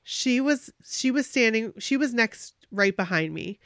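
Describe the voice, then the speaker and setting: A woman co-hosting a podcast, reading a fan's story aloud in an animated way. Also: fairly high pitch, measured pace, no room sound, studio quality.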